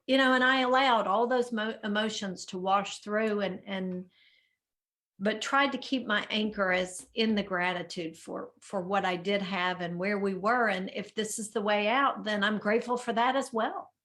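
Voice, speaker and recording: A middle-aged woman sharing a personal story in casual talk, halting and reflective, often stumbling over words. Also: medium pitch, fairly even intonation, fairly bright tone.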